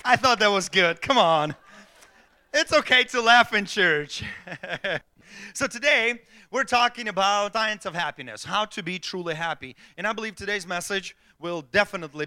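A man's voice: high voice, sharp tone, clear, resonant tone. A man preaching a sermon in a church, opening with a joke and then speaking earnestly. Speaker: pastor.

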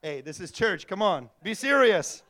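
A middle-aged male pastor preaching a sermon in an animated way, acting out little voices and laughing often. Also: sits high, normal speed.

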